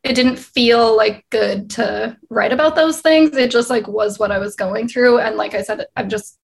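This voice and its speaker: A woman's voice: a little high, moderate pace, creaky, a little hiss or hum. A young woman from Canada, a singer-songwriter, chatting casually in a video-call interview, filling her talk with "like" and laughing often.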